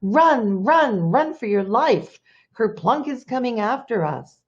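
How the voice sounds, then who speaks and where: A woman voicing a gruff, unfriendly rhinoceros in a told folktale. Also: deep voice, animated, measured pace, darkish tone, muffled recording, voice pushed down.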